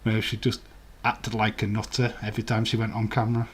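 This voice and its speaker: Husky, lowish man chatting. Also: monotone, a little fast. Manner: chatty, rambling, reads out viewer comments and laughs often. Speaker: livestream host. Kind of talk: casual live watch-along chat.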